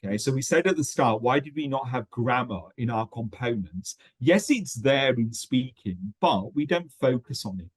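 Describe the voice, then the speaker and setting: A man leads a teacher-training webinar, explaining points with many ums and restarted phrases. His voice sits at a middle pitch, and the recording is dry and close with no room sound. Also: lively intonation, moderate pace, few pauses, slightly rough, no room sound.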